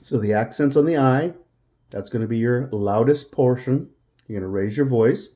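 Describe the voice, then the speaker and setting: A man's voice: medium pitch, moderate pace, dark tone. A man teaching a Spanish lesson, patiently repeating words for the listener to drill. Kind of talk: language lesson.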